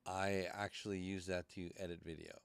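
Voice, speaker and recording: Low-ish smooth guy host, swears a lot, rambly live stream chat, dry sound. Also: flat delivery, a little fast, dry recording. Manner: loose and profane, rambling through tech troubles. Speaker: podcast host.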